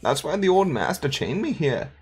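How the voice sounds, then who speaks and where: A woman voicing a polite, gentle male zombie with a put-on German accent, in a higher sing-song voice. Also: sing-song, moderate pace, slightly rough, heavily acted. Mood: genial. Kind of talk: voicing game dialogue.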